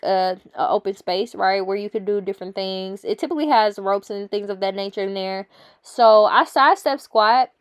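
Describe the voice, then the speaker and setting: A woman's voice: medium pitch, smooth, no room sound, lo-fi sound. A young woman narrating her gym workout vlog, chatty and encouraging, laughing often and calling her viewers honey. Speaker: fitness vlogger. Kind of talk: casual workout vlog voice-over.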